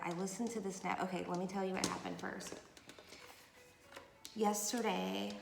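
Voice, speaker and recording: A woman's voice: mid-range voice, gravelly, fairly bright tone, roomy sound. A woman doing a late-night tarot reading, talking in a meandering, emotional way to her viewers. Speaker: tarot reader. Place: room at night.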